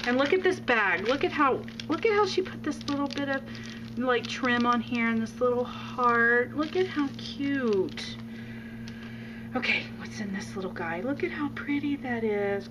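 A woman vlogging an unboxing of craft supplies, gushing and exclaiming with delight, gasping and laughing. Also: a little high. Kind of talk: excited unboxing chat. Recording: noisy home recording.

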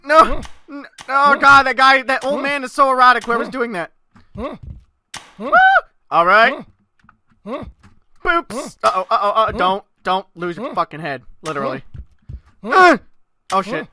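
A gaming channel host giving let's-play commentary, excitable, yelling and swearing at the game. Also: mid-range voice, unhurried, pauses often.

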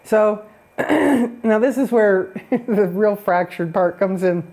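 A woman's voice: medium pitch, steady tone, slow pace, a little mellow. A woman on a spiritual talk show who tells a fairy-tale parable in a chatty, self-deprecating way and laughs often. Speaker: guest.

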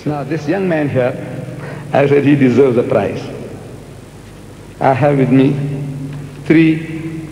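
A man's voice: medium pitch, slow, gravelly, long pauses, dull audio, faint music behind. A man giving a public lecture and answering audience questions, emphatic and repetitive, coaxing his listeners. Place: large lecture hall. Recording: echoey archive hall recording, faint hiss.

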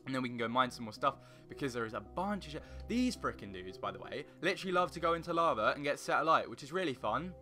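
A man's voice: very animated, fast talker, hardly any pauses. A young man giving rambling, goofy commentary while playing a block-building game, sometimes breaking into silly noises. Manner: rambling, goofy, bursts into loud high singing and silly noises. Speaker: gaming YouTuber. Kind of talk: casual Minecraft let's play commentary. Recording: faint guitar music behind.

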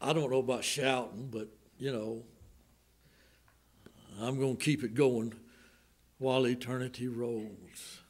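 A man with a Southern American accent preaching a sermon in a church, swinging from loud outbursts to hushed, slowed lines. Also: medium pitch, fairly even intonation. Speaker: pastor. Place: church sanctuary.

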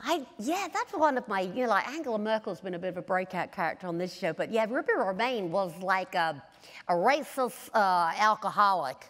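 A woman chatting as a guest in an onstage interview, animated and laughing often. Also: mid-range voice. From England. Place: stage in a large hall. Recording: long hall reverb.

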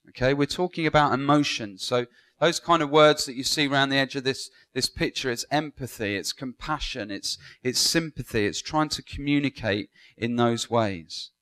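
A man's voice: medium pitch, fairly bright tone. A man giving a Bible school classroom lecture, engaging, asking students questions and praising their answers.

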